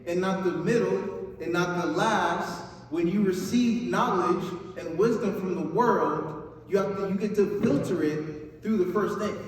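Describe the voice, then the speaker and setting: A young male youth pastor with a high voice delivers a chatty, upbeat sermon and keeps asking "right?" to check in with the room. His voice carries a heavy echo and a long reverb tail from a large hall. The mic sits far from him, with faint noise underneath.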